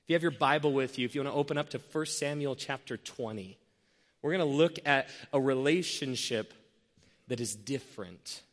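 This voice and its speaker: A young man, a pastor, giving a sermon in a relaxed, conversational storytelling way. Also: medium pitch, moderate pace, big-room sound. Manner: conversational storytelling, self-deprecating.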